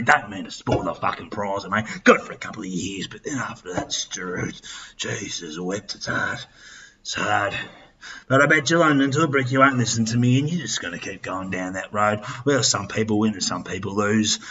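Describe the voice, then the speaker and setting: A crude, boastful older Australian bloke, as a man puts him on for a radio comedy bit, rambles and swears in a thick Australian accent. His voice sits a little low yet comes across bright and forceful. The sound is dull and set back from the microphone. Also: distant mic. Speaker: radio host. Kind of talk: comic radio character monologue.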